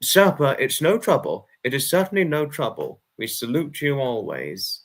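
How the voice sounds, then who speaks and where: A man's voice: mid-range voice, huge pitch swings, moderate pace. Rambling man hosting a livestream. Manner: rambling, apologetic, flares into angry rants. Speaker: livestream host. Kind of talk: casual livestream chat reading comments.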